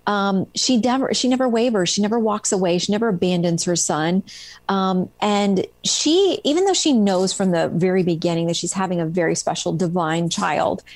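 A woman's voice: medium pitch, no echo. Lady author telling stories from her book, lots of ums, dry close sound. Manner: warm storytelling with many ums and restarts. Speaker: author guest. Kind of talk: casual interview about her book.

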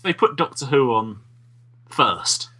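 A man co-hosting a podcast, calmly reasoning through points in casual chat. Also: mid-range voice, slow pace, husky. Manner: reasoned, explains at length. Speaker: podcast co-host.

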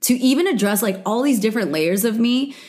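A woman's voice: on the high side, animated, fairly quick, darkish tone. A young woman hosting a solo podcast, talking candidly and emotionally in a rambling, confessional way full of "like" fillers. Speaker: podcast host.

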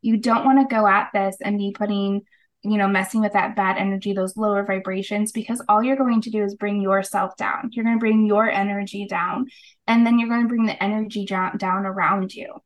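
A woman's voice: mid-range voice, fairly even intonation, a little fast, low-quality recording. A middle-aged woman, a guest on an interview show, telling her story in an earnest, casual way and acting out the voices of people she quotes. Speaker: guest, holistic practitioner.

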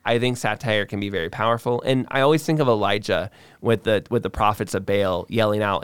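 A man's voice: fairly low pitch, fairly quick, clean tone, no room sound. A man co-hosting a podcast, explaining his views at length in casual discussion, with frequent restarts. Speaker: podcast co-host.

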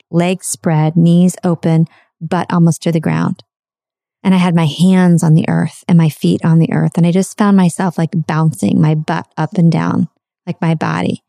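A middle-aged woman speaking in a low, mellow voice with a gravelly edge. She tells a personal story earnestly, repeating phrases and dwelling on words. The sound is close and dry, with no room around it. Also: no room sound. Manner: earnest, repetitive, slows for emphasis.

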